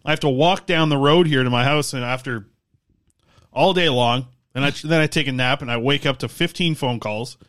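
Tired guy rambling about hockey on a podcast, mid pitched voice. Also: normal speed. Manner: rambling, animated hockey talk. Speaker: podcast co-host. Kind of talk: casual sports podcast chat.

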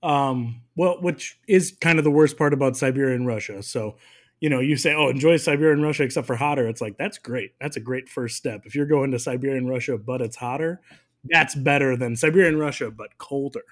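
A man's voice: mid-range voice, fairly quick. A man co-hosting a casual soccer podcast, joking and rambling, laughing often. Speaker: podcast co-host. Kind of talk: casual chat.

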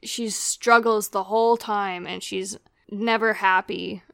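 A woman's voice: medium pitch, fairly even intonation, slow pace, gravelly, a bit bright, smooth, no room sound, studio quality. A woman in a casual chat about a film, talking with fillers and trailing sentences. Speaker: podcast co-host discussing a film.

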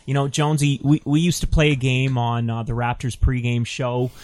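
Canadian male host, mid-pitched, friendly conversational lead. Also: flat delivery, moderate pace, darkish tone. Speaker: podcast host. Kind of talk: casual chat.

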